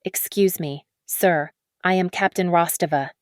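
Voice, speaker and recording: Brief: woman as a courteous, unbending yacht captain, low and dry. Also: a little slow, dry recording, natural voice. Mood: calm firm. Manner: calm, polite, firm. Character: polite firm ship captain.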